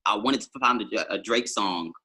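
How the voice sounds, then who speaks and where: Male musician guest, husky and forceful, lowish voice, rambling casual storyteller. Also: moderate pace. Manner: rambling storytelling with many fillers. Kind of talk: casual podcast conversation.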